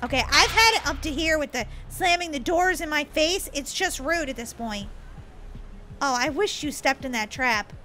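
A woman's voice: high-pitched, expressive, moderate pace, pushed and bright, slight background noise. A woman playing a game as the villain, chatting playfully, giggling and teasing in a mock-evil way. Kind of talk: playful let's-play chatter. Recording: game music underneath.

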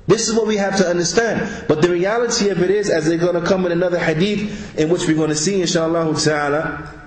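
Emphatic male teacher in an echoey room. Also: high voice. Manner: emphatic, rhetorical questions and repeated "huh?". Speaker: Islamic teacher. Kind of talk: religious class lecture explaining an Arabic text.

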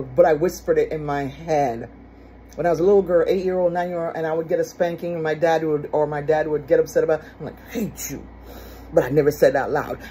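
A woman's voice: on the low side, mellow, slight background noise, poor audio. A woman teaching in a casual spoken way, emphatic, repeating key phrases and asking the listener rhetorical questions. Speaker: speaker on forgiveness.

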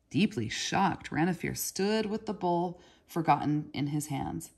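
A woman reads a novel aloud in a calm, steady narration. Her voice sits low, with a gravelly creak at the ends of phrases. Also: unhurried, few pauses. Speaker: reader.

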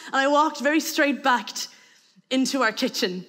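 An Irish woman telling a comic personal story to an audience, lively and acting out the voices of the people in it. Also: high voice, normal speed, big-room sound. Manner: lively, acts out voices, breaks into laughter.

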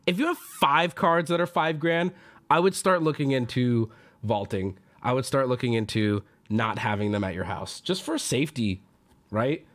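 A man streaming casually and answering his chat, excitable, swearing freely and jumping into loud outbursts. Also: mid-range voice, normal speed. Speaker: streamer opening card packs.

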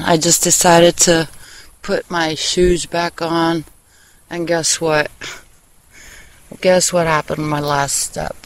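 Recorded on a handheld phone with poor audio quality, a vlogger with a medium-pitched voice rambles through a casual personal chat. Sitting on a wooden bench out in a meadow, they talk candidly, swear freely and laugh often.

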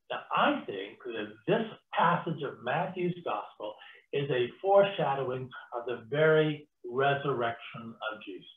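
A man teaching an online Bible study as a guest teacher, telling the story in a lively way and acting out the quotes. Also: mid-range voice, measured pace, pauses often. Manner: animated storytelling with acted-out quotes. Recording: tinny phone-like audio in an echoey room.

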